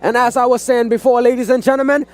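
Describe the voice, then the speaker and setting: High-pitched, shouting live sports commentator man. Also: fairly even intonation, quick pace. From Turks and Caicos Islands. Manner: hyped, repeats "ladies and gentlemen", often shouting. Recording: live stream with faint crowd and music behind.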